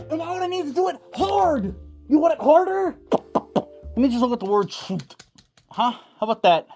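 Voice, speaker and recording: A woman's voice: fairly high pitch, warm tone. A woman doing satirical reaction commentary, mocking and indignant, firing off rhetorical questions. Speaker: comedic character host reacting to videos.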